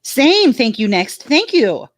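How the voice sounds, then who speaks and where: A woman's voice: high voice, big pitch swings, slow pace, no echo, clean studio sound. Chatty woman reading a live chat. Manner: chatty, frank, reads comments aloud. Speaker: livestream co-host reading chat. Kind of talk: casual livestream chat.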